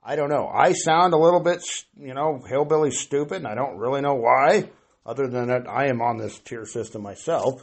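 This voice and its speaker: A man's voice: mid-range voice, fairly quick. A middle-aged man on a podcast, talking in a rambling, self-deprecating way with lots of hesitant restarts. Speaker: podcast guest. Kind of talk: casual podcast chat.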